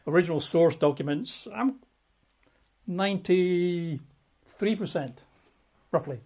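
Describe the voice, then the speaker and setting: Conversational preacher, fairly high voice. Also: male voice, takes it slowly. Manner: relaxed conversational, many asides and self-corrections. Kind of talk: sermon Bible teaching.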